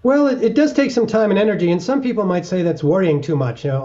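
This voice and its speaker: A middle-aged man talks earnestly as an interview guest, slipping into little acted-out examples. His voice is mellow and a little high for a man, heard through a dull, lo-fi recording. The pace is steady and reflective. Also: quick pace, few pauses. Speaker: mountaineer guest.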